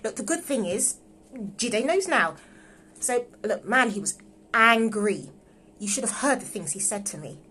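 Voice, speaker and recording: A woman reads a distraught young wife in a live read-through, bright, lively and pleading. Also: on the high side, unhurried, slight background noise. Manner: emotional, pleading. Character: distraught young woman in love with her husband's friend. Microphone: phone on a livestream.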